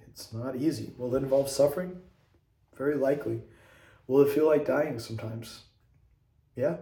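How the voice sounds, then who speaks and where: An earnest male priest delivers a homily straight to the viewer, urging and direct. His voice is dark and mellow, and it rings around an echoey room. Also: mid-range voice.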